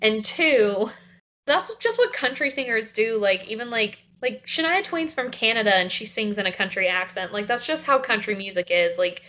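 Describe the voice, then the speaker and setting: A woman's voice: on the high side, animated, normal speed, bright, forceful tone. A young woman from South Carolina with a light Southern accent, chatting casually as a podcast co-host and using many fillers. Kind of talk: casual chat.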